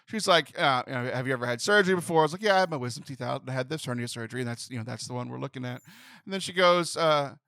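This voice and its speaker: A man in his thirties hosting a podcast, telling a comic story with animated, laughing delivery and exasperated outbursts. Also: mid-range voice, very fast, dry recording, clean studio sound. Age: 30s. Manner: animated, laughing, acts out phone voices in exasperated bursts. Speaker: podcast host. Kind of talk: comedic storytelling chat.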